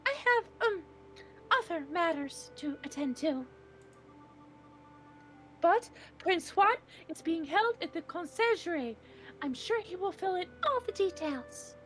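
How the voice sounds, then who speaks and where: A woman voicing a small, fussy male mouse gentleman in a very high, squeaky put-on voice while reading a visual novel aloud. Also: expressive, measured pace, long pauses, a little hiss or hum, exaggerated voice. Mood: polite.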